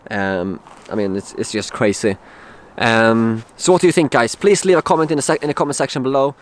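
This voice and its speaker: A young man from Sweden, telling a personal story in a casual vlog, halting with many fillers and restarts. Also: mid-range voice, steady tone. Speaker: vlogger.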